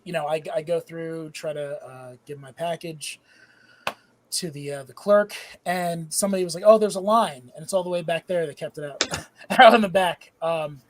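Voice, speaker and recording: A man on a live panel show, high and drifting in and out, telling a rambling story full of swearing. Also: steady tone, moderate pace, a little hiss or hum. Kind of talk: casual live panel chat.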